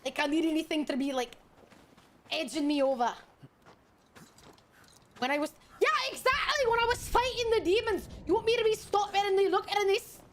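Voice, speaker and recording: A young woman streaming a game, chatting casually with crude, teasing humor and loud bursts of laughter. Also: very high voice, animated, moderate pace, long pauses, noisy background.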